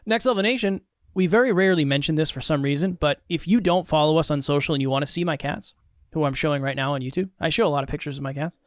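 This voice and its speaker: A man's voice: on the high side, fast talker, few pauses, dry recording, clean studio sound. A man co-hosting a podcast, talking casually in an upbeat, playful way. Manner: upbeat, playful wrap-up talk. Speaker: podcast co-host. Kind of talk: casual chat.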